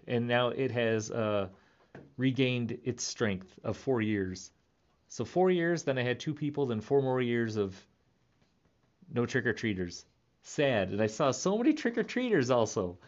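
A man's voice: medium pitch, expressive, measured pace, muffled recording. A man in his thirties rambling playfully in a casual monologue, laughing often. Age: 30s. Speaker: vlogger.

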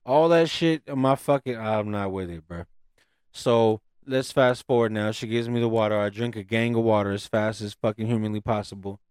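A man telling a profane, animated story in casual chat on a podcast. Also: on the low side, moderate pace, smooth, no room sound, clean studio sound.

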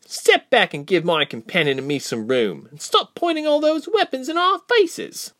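Man putting on a spirited young girl from a storybook, high and lively, dry sound. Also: moderate pace, dry recording. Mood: defiant. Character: young girl Reshma, bold and fiery.

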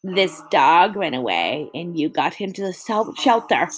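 A woman's voice: very animated, faint music behind. A woman doing a cold, creepy ghost girl. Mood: menacing. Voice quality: cold, creepy, low and slow.

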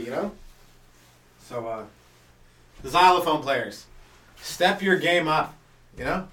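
A man's voice: fairly high pitch, lively intonation, slow pace, pauses often, fairly bright tone, recorded from a distance. A man doing a loose, rambling stand-up monologue as a comedy podcast host, full of fillers and asides. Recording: echoey room, voice off the mic.

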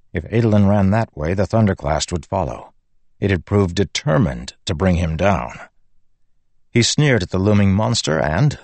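A man narrating a fantasy novel in a measured, dramatic storytelling manner. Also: low voice, darkish tone, no echo. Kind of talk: audiobook narration of fantasy fiction.

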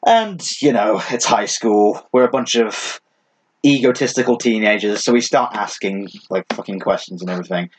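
A young man guesting on a podcast, telling stories haltingly with many fillers and casual swearing. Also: lowish voice, expressive, slightly rough.

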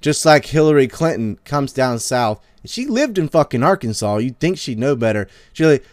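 A man's voice: medium pitch, big pitch swings, moderate pace, few pauses, a little mellow, no room sound, studio quality. A man, ranting in a heated, sarcastic and profane way as he hosts a podcast. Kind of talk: casual ranting monologue.

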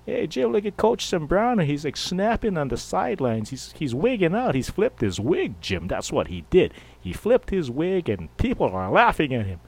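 A man voicing an excitable TV football announcer with gossipy play-by-play chatter. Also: on the high side, normal speed, vocal fry, hardly any pauses, slightly rough, pitched above the performer's own voice, exaggerated voice. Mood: excited.

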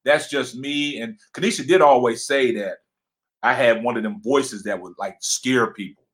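A man with a deep voice, loud and passionate, casually chatting as co-host of a livestream from his home. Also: normal speed.

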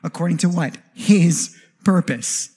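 A man preaching a sermon as pastor, animated, with jokey asides and rhetorical questions. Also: fairly high pitch, measured pace, slightly rough.

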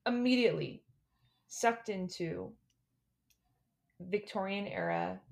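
A woman's voice: mid-range voice, wildly swooping pitch, takes it slowly, gravelly. A woman co-hosting a casual chat, telling a playful made-up story with dramatic touches. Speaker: podcast co-host.

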